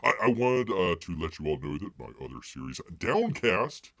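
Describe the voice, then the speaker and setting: A man's voice: deep voice, very animated, moderate pace, a bit bright, no room sound. A man hosting a casual live stream, rambling with lots of filler words and calling himself by name in the third person. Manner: folksy, heavy use of filler words.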